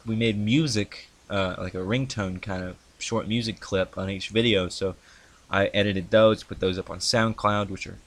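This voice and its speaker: A young man with a fairly low voice talks through the history of his video series in a loose, rambling way. He hesitates often, piling up ums and false starts as he goes. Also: steady tone. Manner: halting, many ums and restarts. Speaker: YouTuber recounting his channel's history. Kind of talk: casual rambling monologue. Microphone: handheld mic he adjusts.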